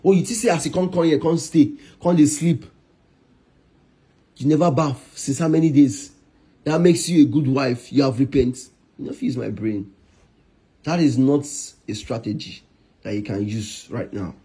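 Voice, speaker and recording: A young man with a Nigerian accent, angrily scolding and shouting in a Nollywood drama scene. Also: medium pitch, normal speed, pauses often, slightly rough. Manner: angry, scolding, repetitive. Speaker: actor.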